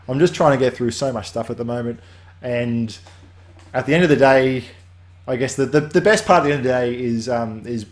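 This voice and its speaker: A man hosting a weekly game update, talking casually in a rambling way that drifts off on tangents and restarts often. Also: medium pitch.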